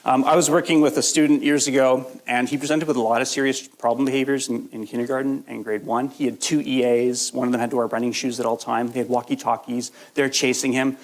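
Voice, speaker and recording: Still recovering from a cold, a man delivers a live training lecture to a workshop crowd, talking quickly with few pauses and little pitch movement in his mid-range voice. His style is jokey and conversational, and he often asks "right?".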